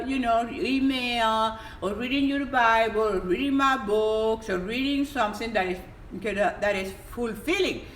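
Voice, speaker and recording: A woman's voice: high-pitched, fairly bright tone, echoey room, rough recording. Woman, emphatic health coach, casual stream chat, faint background noise. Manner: emphatic and exuberant, pleading at times. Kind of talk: casual live-stream advice. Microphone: phone on a live stream.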